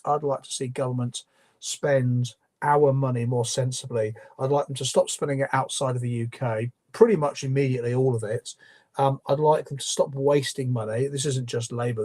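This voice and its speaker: A man's voice: medium pitch, a little mellow. A man hosting a live stream, reading viewer questions and answering with opinionated, conversational commentary full of ums and restarts. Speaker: livestream host.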